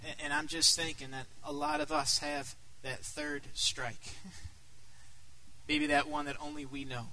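A middle-aged man preaching a sermon as pastor, earnest, dropping to a hush and then rising to loud, emphatic peaks. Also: on the high side, lively intonation, unhurried, gravelly, low-quality recording.

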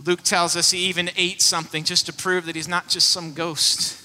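High bright-voiced male preacher, echoing hall. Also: flat delivery, normal speed. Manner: storytelling, acts out the voices in the scripture. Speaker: pastor. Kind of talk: sermon.

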